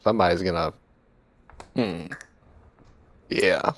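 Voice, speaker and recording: A man's voice: deep voice, takes it slowly. A young man in casual podcast chat who talks in an unsure way and trails off.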